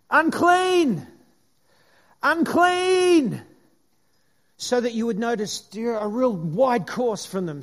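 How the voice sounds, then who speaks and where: Higher-voiced earnest male preacher. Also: darkish tone. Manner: earnest, repeats words, frequent "if you like". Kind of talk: sermon.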